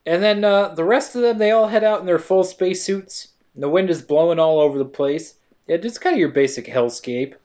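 A co-host walking through a film plot in relaxed podcast chat, at a middle pitch. The delivery is sarcastic and playful, with characters' lines acted out along the way. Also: a little fast. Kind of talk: casual movie recap narration.

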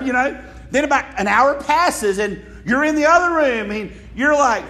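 A man with an unusually high voice preaches a sermon. He talks in a lively way, firing rhetorical questions at the congregation and acting out little quotes as he goes. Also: fairly quick. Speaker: pastor.

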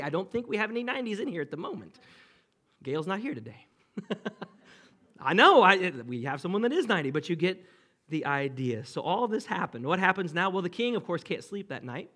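A man preaching a sermon in a church, moving from hushed, dramatic pauses to playful asides for the congregation. His voice sits a little higher than most men's. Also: very animated. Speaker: pastor.

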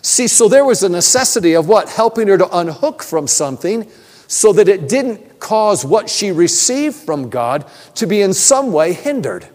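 A man preaching to a congregation, moving from chatty stories with a bit of self-deprecating humor into teaching. His voice sits fairly high and swings widely in pitch. A long reverb rings out around him in a large church hall. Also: sing-song, moderate pace, darkish tone. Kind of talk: sermon with storytelling.

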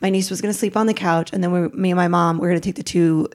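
A woman in her thirties, a podcast guest, telling a raw personal story in a lively way, jumping up in pitch when she quotes people. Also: racing. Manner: animated, acts out quotes with pitch jumps.

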